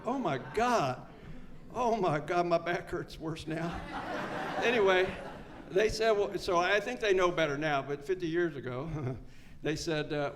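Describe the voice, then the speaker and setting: Older man telling his recovery story. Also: fairly high pitch. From Maryland, United States. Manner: conversational storytelling, self-mocking humor. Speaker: AA speaker. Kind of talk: recovery meeting share. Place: meeting room before a live audience.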